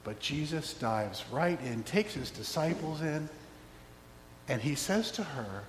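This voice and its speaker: Male preacher, sermon, slow delivery, slightly high voice, echoey church hall, faint hum. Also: lively intonation. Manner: storytelling, acting out quoted voices, wry asides. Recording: roomy hall with long echo, faint hum.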